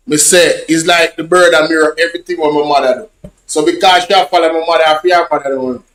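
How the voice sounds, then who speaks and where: Man, Jamaican accent, patois, rambling casual vlog talk, somewhat high voice, roomy echo. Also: fairly even intonation, quick pace, a bit bright. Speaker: social media vlogger. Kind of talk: casual storytelling chat.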